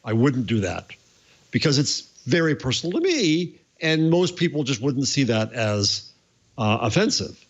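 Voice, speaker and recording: A man's voice: mid-range voice, very animated. Older man on a dull remote line. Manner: halting, reflective, with many fillers. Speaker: panelist. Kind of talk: casual panel chat.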